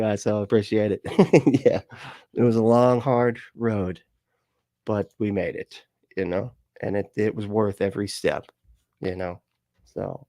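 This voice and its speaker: A man's voice: medium pitch, a little mellow, no room sound. A man with a Southern US accent hosting a livestream, chatting casually and reading comments, rambling, laughing a lot and swearing freely. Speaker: livestream host.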